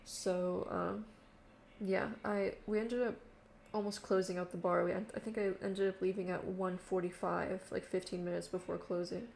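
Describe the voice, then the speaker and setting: Chatting casually, a young vlogger relates a story full of fillers and voices she quotes. She speaks at a moderate pace in a lowish, level, creaky, slightly mellow voice. Faint noise and echo from the room surround her.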